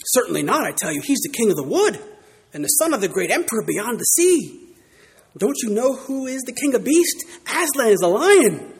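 A man voicing a stern, excitable male beaver from a storybook, with emphatic, rising exclamations. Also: very high-pitched, moderate pace, breathy edge, long reverb tail, pitched above the performer's own voice, full character voice.

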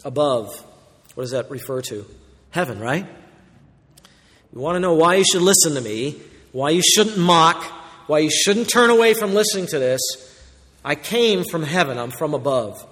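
A man preaching a verse-by-verse sermon, swinging between loud emphatic warnings and quiet low asides. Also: expressive, moderate pace, pauses often, long reverb tail. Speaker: pastor. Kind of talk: expository sermon.

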